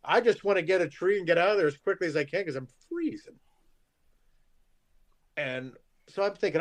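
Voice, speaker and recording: A man's voice: on the high side, animated, moderate pace, pauses often. A man, a show regular, telling a long self-deprecating story in casual chat, rambling and chuckling. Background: faint music.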